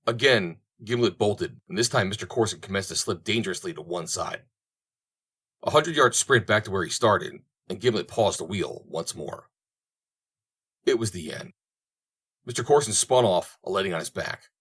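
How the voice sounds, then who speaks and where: A man reading a western novel aloud in a steady, storytelling manner. His voice is deep and low-pitched, with measured, even delivery through the action. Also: husky. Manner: steady storytelling, voicing each character. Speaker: audiobook narrator. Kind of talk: audiobook narration.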